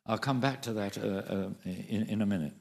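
Gravelly emphatic male preacher. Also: on the low side, normal speed. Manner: emphatic, repeats phrases for stress. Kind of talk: sermon.

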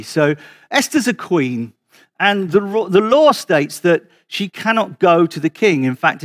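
Over a video call, a pastor with a fairly high, slightly bright voice preaches to his church. He often repeats and restarts words, and slows down to emphasize key questions.

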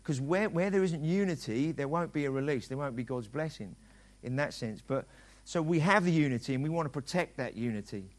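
A man's voice: a little high, lively intonation, brisk, hardly any pauses. A middle-aged man preaching a sermon as a pastor, talking conversationally and acting out dialogue in quoted voices.

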